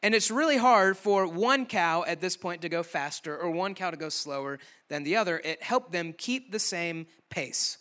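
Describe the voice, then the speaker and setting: A man's voice: sits high, lively intonation, moderate pace, few pauses, sharp tone. A young man preaching a youth sermon to a room of students, casual and conversational with light humor. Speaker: youth pastor. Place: church room with a youth audience.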